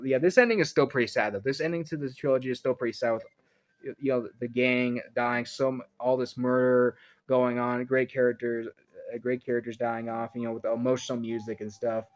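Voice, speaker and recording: A man's voice: mid-range voice, little pitch movement, brisk, low-quality recording. A man in his twenties giving a casual, rambling spoken review from his own room at home, drifting from tangent to tangent in a chatty way. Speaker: YouTube reviewer.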